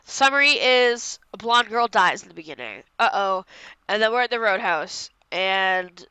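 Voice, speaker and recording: A young woman co-hosting a podcast, congested and stuffy-nosed, rambling through an animated episode recap. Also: mid-range voice, clear, resonant tone, dry recording. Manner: rambling, animated retelling with quick voiced quotes. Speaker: podcast co-host. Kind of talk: casual chat, episode recap.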